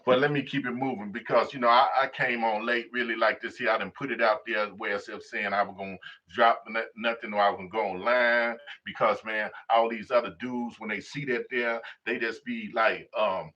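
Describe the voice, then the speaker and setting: Bright-voiced man mocking in casual commentary. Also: lowish voice, fairly even intonation, a little fast, hardly any pauses, lo-fi sound. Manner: profane, mocking, emphatic. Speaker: host and commentator.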